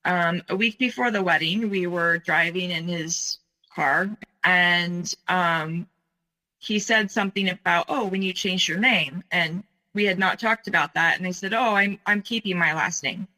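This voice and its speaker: A middle-aged woman telling her own story in a halting way, with many fillers and pauses. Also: lowish voice, sharp tone, rough recording. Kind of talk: personal storytelling.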